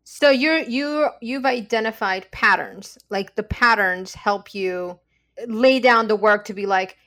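A woman's voice: mid-range voice, unhurried, a bit bright. Reflective woman in casual chat. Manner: reflective, thoughtful. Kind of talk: casual conversation.

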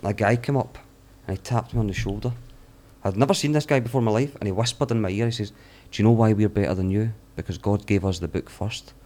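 Fast-talking man telling stories. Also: on the low side. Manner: animated storyteller, swears freely, acts out quotes. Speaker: travelling guest. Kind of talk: casual podcast storytelling.

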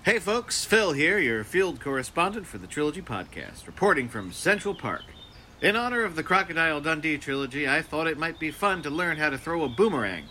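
A man's voice: a little high, sing-song, brisk, bright, forceful tone, a little hiss or hum. A man voicing a goofy male field correspondent reporting from an outdoor park. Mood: chipper. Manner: overexcited, yelping in pain.

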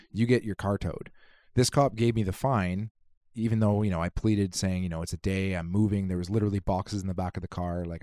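A man's voice: deep voice, dark tone, no echo, clean studio sound. A man co-hosting a podcast, telling rambling stories in casual chat with restarts and the odd swear. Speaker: podcast co-host.

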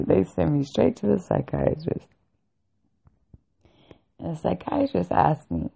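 Gravelly, slow-talking woman vlogger. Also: fairly low pitch, wildly swooping pitch, mellow. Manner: blunt and heavily profane, breaks into laughter. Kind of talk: casual personal storytelling rant. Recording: dull lo-fi recording.

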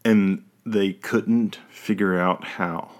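A man hosts a podcast in casual conversation, speaking slowly in a low-pitched, steady voice. He rambles, frequently corrects himself mid-sentence, and lets his thoughts trail off.

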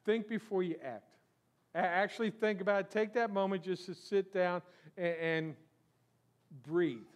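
Man, pastor, high voice, conversational sermon, rhetorical questions.

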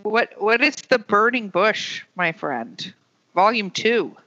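A woman's voice: medium pitch, lively intonation, slow, sharp tone. A woman hosting a podcast, chatting casually with a rambling, restarting manner. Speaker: podcast host. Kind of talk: casual chat. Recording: muffled lo-fi podcast audio.

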